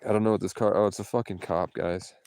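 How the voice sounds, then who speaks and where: A man's voice: sits low, steady tone, fast, creaky, a little mellow, dry recording. A man rambling through a profane, jumpy livestream monologue from his parked car and the street around it. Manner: rambling, profane, jumps between topics.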